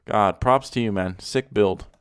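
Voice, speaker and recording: A man's voice: fairly low pitch, a little slow, clean tone. A man giving casual comedic commentary on car mods, sarcastic and mock-complimenting, swearing freely.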